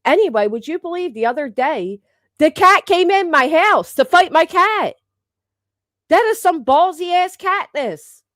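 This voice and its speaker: A woman's voice: very high voice, lively intonation, unhurried, fairly bright tone, no echo. A woman hosting a livestream in a casual, rambling way, swearing freely and restarting her sentences again and again. Her throat is a little sore, and she reads out thanks to members of the chat. The sound is dry and close, with no room around her voice. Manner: rambling, profane, with many restarts. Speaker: livestream host.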